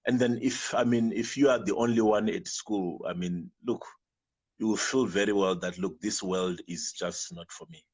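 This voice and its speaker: Earnest, husky Zimbabwean man. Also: lowish voice, steady tone, normal speed, a little mellow. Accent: Zimbabwean English. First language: Venda. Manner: earnest, repetitive, with many restarts. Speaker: guest. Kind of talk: emotional personal testimony.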